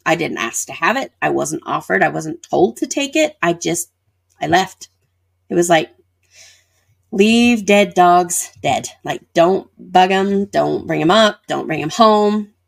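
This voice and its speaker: A woman's voice: lowish voice, expressive, measured pace, creaky. A woman, a guest in an interview, recounting a personal experience and acting out what people said. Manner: vivid retelling with acted-out dialogue. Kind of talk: personal storytelling.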